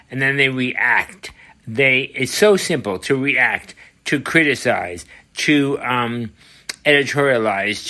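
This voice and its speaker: Emphatic older New man, bright voice. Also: medium pitch. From United States. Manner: emphatic, repeats phrases with many fillers. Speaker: show host. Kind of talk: political commentary monologue.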